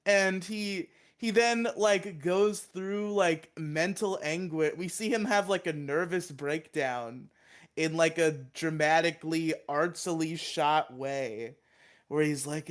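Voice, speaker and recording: Excitable man with a smooth voice. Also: a little high, slow pace. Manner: excited, rambling, swears and laughs often, acts out quoted lines. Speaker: podcast co-host. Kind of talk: casual chat, retelling a show's plot.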